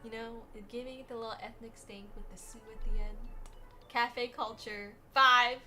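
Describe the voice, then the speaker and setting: A woman's voice: on the high side, steady tone, moderate pace, sharp tone, soft background music. A young American woman rambles through a casual livestream chat, profane and sassy. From United States. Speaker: streamer.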